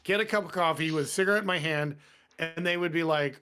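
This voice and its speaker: Man, firefighter, casual storytelling, profane, blunt, animated, podcast studio. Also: a little high, quick pace.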